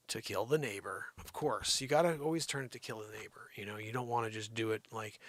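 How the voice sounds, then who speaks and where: A man hosting a live comedy stream, rambling and teasing an unseen sidekick with a steady stream of "you know.". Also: medium pitch, no room sound. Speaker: livestream comedy host. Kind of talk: improvised comedic rant.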